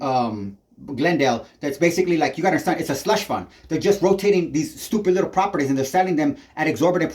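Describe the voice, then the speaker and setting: A man's voice: a little high, darkish tone. A man angrily ranting to his camera as a tenant, swearing constantly and rambling from point to point. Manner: heavy swearing, agitated and rambling. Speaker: tenant filming a neighbor. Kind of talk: angry ranting vlog. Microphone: handheld camera.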